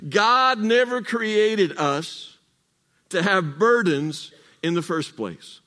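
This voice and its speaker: Man, high voice, preacher, call-and-response sermon, drawn-out emphatic phrases, church sanctuary. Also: animated, bright, forceful tone. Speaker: pastor.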